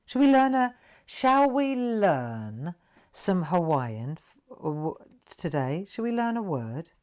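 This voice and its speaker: A female craft show host leads a live tutorial, drawing while she chats with and encourages her viewers. Her voice is fairly low and a little mellow, with a slow pace and big swings in pitch.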